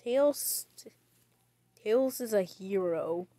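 A woman streamer giving chatty commentary on a game as she plays, breaking into sudden loud, excited outbursts. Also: mid-range voice, very slow, no room sound. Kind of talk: gaming livestream commentary.

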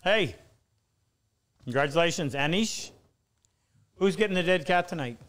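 Middle-aged guy hosting a live stream, smooth clear voice, kinda high, rambles and restarts. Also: animated, measured pace, a bit bright. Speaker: host.

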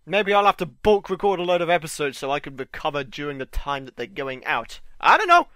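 A young man with a slightly stuffed-up voice, chatting excitably and swearing mildly as he comments on his own gameplay. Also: on the high side, brisk, dry recording, studio quality. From United Kingdom. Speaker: gaming channel host.

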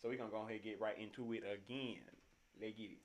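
A man's voice: fairly low pitch, steady tone, fast talker, heavy background noise. A tired young man just off work, hosting a music reaction video in slangy, profanity-laced casual talk. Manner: slangy, swears freely, hypes the music up. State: tired after work, yawning.

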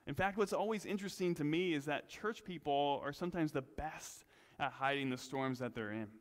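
A male pastor preaching a sermon in a relaxed, conversational way, with self-deprecating asides. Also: fairly high pitch, fairly quick, in a large hall. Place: church sanctuary.

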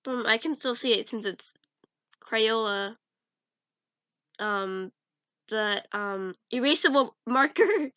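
A woman's voice: a little high, slow, pauses often, fairly bright tone, no room sound. A young woman chatting casually in a vlog as she sorts through cards, giggling and mumbling names to herself. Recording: dull lo-fi sound.

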